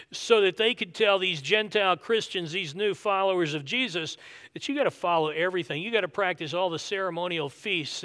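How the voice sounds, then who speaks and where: A man's voice: high-pitched, a bit bright. A man preaching a sermon, earnest and emphatic, repeating his key points. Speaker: pastor.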